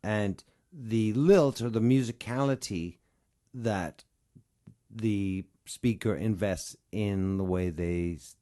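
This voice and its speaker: A man's voice: fairly low pitch, slow pace, warm tone. A man, a voice actor co-hosting a podcast, explaining his craft in an analytical way during casual chat.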